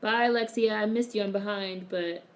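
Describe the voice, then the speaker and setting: A woman's voice: mid-range voice, steady tone, normal speed. Woman streamer, casual and chatty, reads comments aloud, salty language, frequent laughter. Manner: chatty, swears freely, laughs often. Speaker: live streamer. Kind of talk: casual live-stream chat, reading viewer comments.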